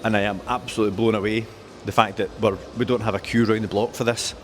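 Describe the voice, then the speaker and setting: A man's voice: fairly low pitch, level tone, quick pace, a little hiss or hum. A man presenting cars at a dealership in casual, jokey chat, rattling off specs with enthusiasm. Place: car dealership.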